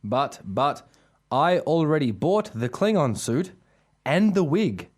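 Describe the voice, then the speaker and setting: A man acting as a fan playing a Klingon captain in a short classroom sketch, speaking stiffly and slowly in a voice that is not deep enough. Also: big pitch swings, heavily acted. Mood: pleading.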